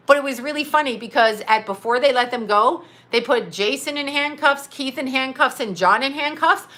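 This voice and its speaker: A woman's voice: sits high, moderate pace, sharp tone. A middle-aged American woman, a psychic medium, rambling through a casual livestream story with laughs and swearing. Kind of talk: casual livestream chat reading comments.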